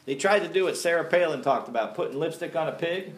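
A man teaches scripture in a folksy, emphatic style with a fairly high voice. His delivery is warm-humored and direct. The room gives his voice a roomy echo. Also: fast talker, a little hiss or hum. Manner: folksy, emphatic, laughs at own jokes. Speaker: Bible teacher. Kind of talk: teaching sermon.

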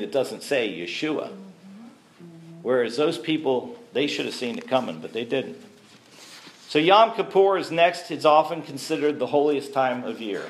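A man teaching a sermon to a congregation, conversational and asking the listeners questions. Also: mid-range voice. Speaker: messianic teacher. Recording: echoey room.

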